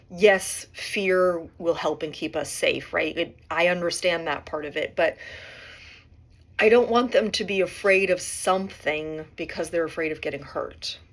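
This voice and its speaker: A middle-aged woman hosting a podcast, musing aloud in a rambling solo monologue and often tagging her points with "right?". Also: fairly low pitch. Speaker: podcast host.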